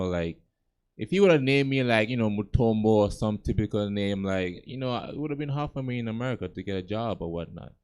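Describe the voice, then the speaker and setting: A man's voice: fairly low pitch, clean tone. Laid-back young man doing stand-up. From Gambia. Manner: laid-back, conversational, chuckling at own jokes. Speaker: stand-up comedian. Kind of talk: stand-up comedy set. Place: comedy club stage. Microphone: handheld stage mic.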